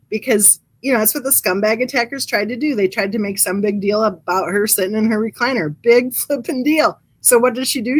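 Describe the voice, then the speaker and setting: A woman hosting a casual livestream, chatting in a rambling, amused way and reading comments from the live chat. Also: mid-range voice. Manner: reads live chat aloud. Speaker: true crime channel host.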